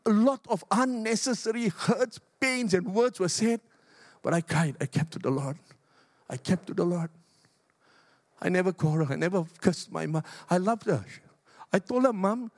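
This sermon comes from an older man from Singapore, a pastor whose Singaporean English swings from forceful urging to soft, low-voiced remarks. The recording is dry and of studio quality.

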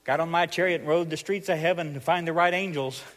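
A man with a Southern accent voicing God as a grumbling benefactor, in mock-deadpan tones close to his own voice. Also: on the high side, fast talker, big-room sound, pitched above the performer's own voice, lightly acted. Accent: Southern US (Arkansas).

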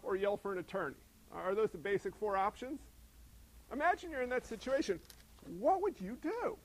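A man preaching a sermon in an animated way, acting out voices and asking the congregation questions. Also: high voice, low-quality recording. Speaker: pastor.

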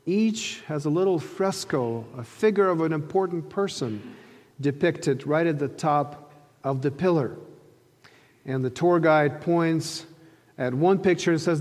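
A man's voice: a little high, a little mellow. Earnest male preacher in a reverberant hall. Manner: earnest storytelling preacher, slows for emphasis. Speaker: pastor. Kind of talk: sermon.

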